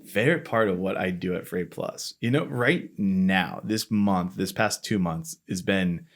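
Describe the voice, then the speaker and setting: In a low, unhurried voice, a Florida man in his thirties, a podcast host who leads marketing at a company, runs a casual interview. He rambles through his own story with self-mocking asides, acting out what he used to think.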